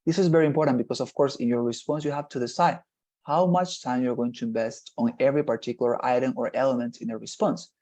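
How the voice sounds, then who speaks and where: A man's voice: medium pitch, steady tone, quick pace, a little mellow. A man teaching an online exam-prep class over a video call, explaining at length and checking in with the students. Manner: explanatory, repeats "nonetheless" and "right?".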